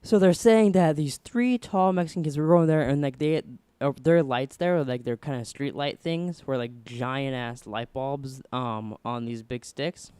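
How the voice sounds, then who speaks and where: Smooth-voiced young man telling a story. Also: mid-range voice, measured pace, dry recording. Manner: rambling, animated retelling. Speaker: podcast host. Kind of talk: casual storytelling.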